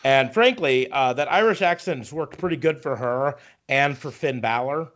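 Brief: swearing, ranting podcast co-host, mid-pitched man, muffled lo-fi audio. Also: fairly bright tone. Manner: profane, ranting, halting restarts. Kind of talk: casual wrestling chat.

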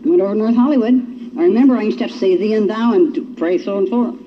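A woman's voice: mid-range voice, very fast, a little hiss or hum. Folksy woman sharing her story. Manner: folksy storytelling with acted quotes. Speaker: speaker sharing at a recovery meeting. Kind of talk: personal testimony talk. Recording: dull lo-fi recording.

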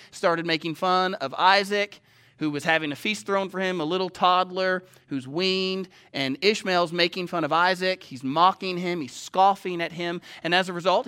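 A man's voice: a little high, sharp tone. A man preaching a sermon from a stage to a live audience, talking conversationally and often asking the listeners questions. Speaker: pastor.

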